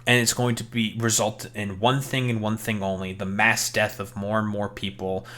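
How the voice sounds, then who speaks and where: A man's voice: lowish voice, flat delivery, normal speed, bright, forceful tone. A young man reacting to a press conference, with a heated, rambling manner and a lot of profanity. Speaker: political commentary streamer.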